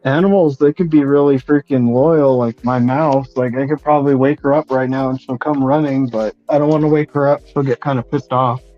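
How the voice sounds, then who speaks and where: A man's voice: mid-range voice, fairly even intonation, fairly quick, few pauses, no room sound, soft background music. A man chatting casually, laid-back and blunt, with some swearing. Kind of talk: casual chat. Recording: dull lo-fi dry sound.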